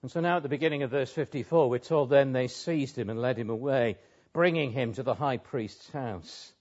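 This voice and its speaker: A man's voice: medium pitch, moderate pace, darkish tone. A man preaching an expository sermon in an earnest, emphatic way, pressing key words with rising and falling emphasis. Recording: dull lo-fi sound.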